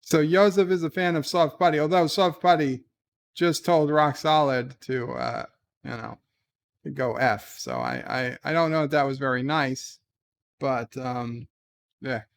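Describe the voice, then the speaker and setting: Guy hosting his stream from home, reads out comments, jokey and offhand, voice a bit high. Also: expressive, measured pace, vocal fry. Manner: joking, offhand. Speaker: livestream host. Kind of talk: casual chat, reading viewer comments.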